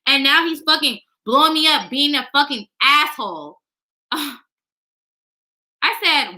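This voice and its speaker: A young woman speaks straight to her viewers in a casual vlog. Her voice is high and piercingly bright. She talks bluntly, swears freely and keeps venting her annoyance. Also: lively intonation, measured pace. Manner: frank, heavy swearing, exasperated ranting. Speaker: vlogger. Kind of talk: casual chat to camera.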